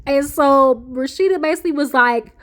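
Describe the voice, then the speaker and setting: High-voiced woman, chatty reality TV recap, plays out the quotes. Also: normal speed. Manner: animated storyteller, slips into the voices of the people she quotes, laughs often. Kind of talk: casual chat, retelling with acted quotes.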